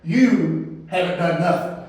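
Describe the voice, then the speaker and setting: A man's voice: sits high, slow, recorded from a distance. Bossy man barking in an echoey room. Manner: bossy, insulting, shouting. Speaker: wrestling boss character. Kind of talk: wrestling promo.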